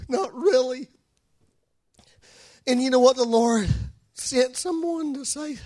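A man preaching a sermon to a congregation in a room, emotional and passionate, swinging from soft talk to shouting. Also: extremely high pitch, expressive, unhurried, pauses often. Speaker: pastor.

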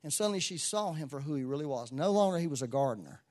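A man preaching a sermon to a church congregation, moving between soft asides and loud exclamations. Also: fairly high pitch, animated, fast talker. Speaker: pastor.

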